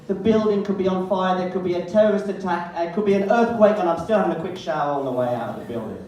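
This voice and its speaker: A man's voice: high voice, a little mellow, slight background noise. A man doing a stand-up comedy set in a live venue, self-mocking and dry, turning to the crowd with asides. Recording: roomy live stage sound from a distance. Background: audience laughter and room ambience.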